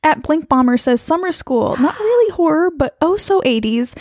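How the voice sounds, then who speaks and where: A woman's voice: high voice, animated, normal speed, a little mellow, no echo, studio quality. A woman co-hosting a podcast in casual chat, laughing often and talking with many fillers. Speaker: podcast co-host.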